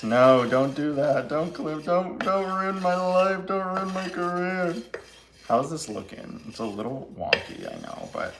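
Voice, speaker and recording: A man's voice: low-pitched, fairly bright tone, slight background noise. A man hosting a live baking stream from his home kitchen, chatting casually, joking and laughing often. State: laughing through a cut finger.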